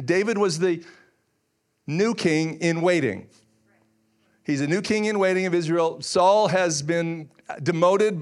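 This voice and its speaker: Pastor with a slightly higher male voice. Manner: retells scripture with casual asides and filler words. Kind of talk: sermon.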